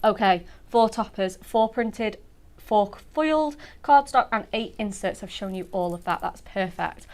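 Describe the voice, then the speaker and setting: A woman with a medium-pitched, darkish, expressive voice presents on a craft TV show, unhurried as she gushes over products. Her demo chat is bubbly and effusive, full of gasps, lavish praise and cries of "so cute".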